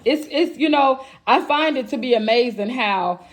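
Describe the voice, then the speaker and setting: A woman's voice: high voice, normal speed. A woman giving a channeled tarot reading, blunt and profane. She talks straight to her viewers as "y'all" with plenty of emphasis. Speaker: tarot reader.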